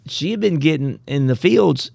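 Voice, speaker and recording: Gravelly man in casual Bible chat. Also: on the high side, normal speed, no echo, clean studio sound. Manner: animated storytelling with playful voices and laughs. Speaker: co-host of a Bible study podcast.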